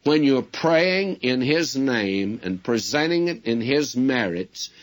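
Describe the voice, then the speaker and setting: A man's voice: mid-range voice, sing-song, takes it slowly. A man preaching a sermon as a Bible teacher, speaking earnestly and addressing his listeners directly as friends. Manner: storytelling with quoted dialogue.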